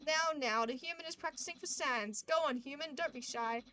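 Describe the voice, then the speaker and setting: A proud, earnest skeleton, put on by a woman, announces everything in grand, formal phrases. The voice sits high and sounds bright and sharp. It is a game character read aloud during a stream. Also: a little fast, faint music behind. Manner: proud, eager declarations. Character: boastful, cheerful male skeleton, earnest and grand. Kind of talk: reading a visual novel aloud on a livestream.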